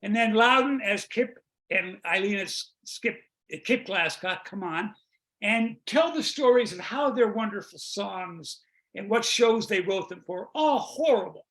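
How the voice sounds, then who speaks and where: An older man guesting on a video-call interview, telling rambling comic stories about a show he wrote, with restarts and quick jokes. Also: high-pitched, animated, fairly bright tone. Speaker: guest, comedy songwriter. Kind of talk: casual interview chat.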